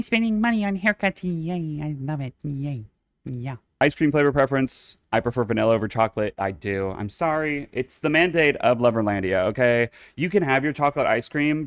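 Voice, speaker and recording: A young man chatting alone into a close podcast mic with a fairly low voice. He is sassy and campy, swears freely and jumps up into squealing highs for jokes, in a dry, dead-sounding small room. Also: dry recording. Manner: campy, sassy and playfully bossy, swinging into high squeals for jokes. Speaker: podcast host. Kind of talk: casual solo podcast chat.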